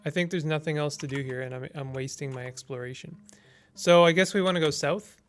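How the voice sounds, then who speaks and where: Smooth-voiced man narrating a strategy game. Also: on the high side, a little fast, fairly bright tone, soft background music. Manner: thinking aloud, hesitant with restarts while deciding moves. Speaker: gamer playing a text-based strategy game. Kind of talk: casual let's play commentary, reading game text aloud.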